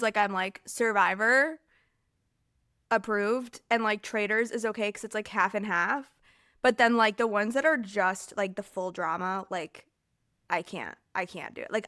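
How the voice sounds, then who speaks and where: A woman's voice: medium pitch, bright, forceful tone, clean tone, no room sound, studio quality. Rambling, chatty American woman podcaster. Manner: rambling and chatty, heavy filler use, self-interrupting. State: overheated, distracted. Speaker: podcast host. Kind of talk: casual solo podcast chat.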